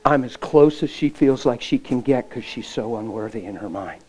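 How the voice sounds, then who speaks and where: Male pastor, middle-aged, mellow dark voice, emotional storytelling sermon with hushed moments. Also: mid-range voice, animated, normal speed, husky, rough recording. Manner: emotional, acts out dialogue, drops to near whisper.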